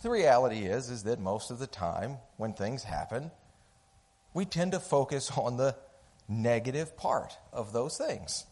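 Male speaker, animated storyteller, lively intonation at mid pitch. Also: a little slow. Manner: animated, acts out the voices of characters. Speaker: speaker telling a story to an audience. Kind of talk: storytelling talk.

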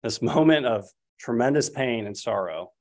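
A man's voice: medium pitch, lively intonation, normal speed. A man in his thirties preaching a sermon, retelling scripture and family stories, acting out the people he quotes. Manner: storytelling, quotes figures in raised voices.

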